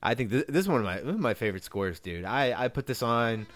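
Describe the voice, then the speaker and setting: A man, co-hosting a casual film podcast, excitable and quick to swear. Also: mid-range voice, no room sound, faint music behind. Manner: excitable, swears freely, calls people dude. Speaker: podcast co-host.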